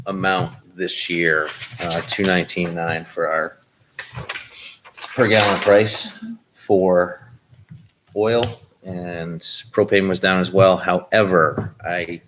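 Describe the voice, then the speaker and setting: Low, flat-voiced man at a meeting. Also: measured pace, background noise. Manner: plain, businesslike, with frequent um and uh fillers. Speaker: school district official. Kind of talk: reporting at a public meeting.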